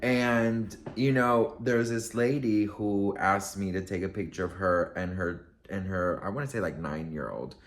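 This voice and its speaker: A man's voice: deep voice, a little slow, hardly any pauses, slight background noise. A man vlogger telling a story to camera in a casual, gushing, emotional way, rambling with many fillers.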